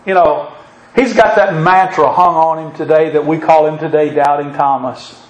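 A preacher with a notably high voice speaks at normal speed, his intonation fairly even yet rising into an emphatic cadence. He quotes scripture and drives his points home, the sound ringing in a reverberant room.

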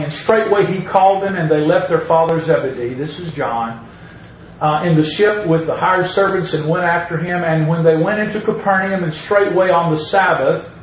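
A man's voice: on the high side, moderate pace, roomy sound, recorded from a distance, a little hiss or hum, rough recording. A man preaching a sermon, reading scripture aloud and driving points home by repeating them. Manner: emphatic, repeats phrases, reads scripture aloud.

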